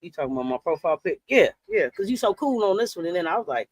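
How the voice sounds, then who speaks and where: Animated high-voiced man hosting sports chat. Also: fast. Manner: animated, slangy, greets and reads live chat comments. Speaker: sports talk host. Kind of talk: casual livestream sports chat.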